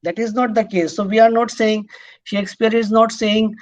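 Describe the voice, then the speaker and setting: A man giving a classroom lecture, explaining patiently, repeating his points and pausing often on "uh". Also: high-pitched, level tone, dull audio.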